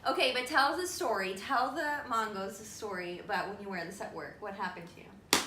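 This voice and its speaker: A woman's voice: mid-range voice, fairly quick, pushed and bright. A woman co-hosting a casual podcast, frank and outspoken, who swears freely. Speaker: podcast co-host. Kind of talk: casual chat. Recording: echoey room with faint noise.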